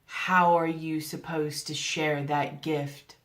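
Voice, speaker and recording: A woman's voice: sits low, flat delivery, takes it slowly, a bit bright. A woman giving a general tarot reading to camera, earnest and coaxing, asking the listener one rhetorical question after another. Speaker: tarot reader.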